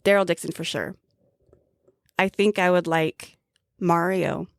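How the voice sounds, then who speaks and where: A woman's voice: lowish voice, steady tone, unhurried, clean tone, dry recording, clean studio sound. A woman co-hosting a podcast in casual chat, playful and enthusiastic, laughing often. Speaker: podcast co-host.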